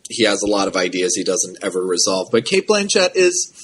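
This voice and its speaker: A man co-hosting a podcast in casual chat, animated and full of quick asides and restarts. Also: low-pitched, slightly rough. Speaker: podcast co-host.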